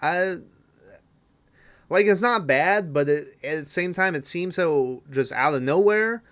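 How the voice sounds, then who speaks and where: A man's voice: on the high side, unhurried, fairly bright tone. A man hosting a podcast, giving a rambling, casual movie recap full of fillers and restarts. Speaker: podcast host.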